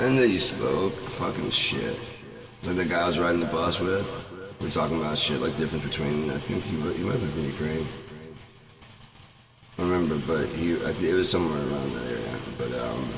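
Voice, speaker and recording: A man's voice: a bass voice, a little fast. A man hosting his own channel, rambling through a sarcastic, profane monologue. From United States. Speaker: channel host. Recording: echoey room from far off the mic.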